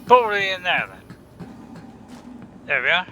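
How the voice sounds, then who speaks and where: Chatty bright-voiced man. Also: sits high, very animated, measured pace, slight background noise. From Bristol, England. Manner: rambling, chatty, laughs often, talks to himself. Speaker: gaming channel host. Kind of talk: casual gameplay commentary.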